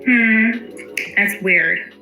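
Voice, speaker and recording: A woman's voice: mid-range voice, extremely slow. A woman hosting a casual livestream, greeting viewers by name and swearing freely. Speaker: livestream host. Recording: echoey room with faint music.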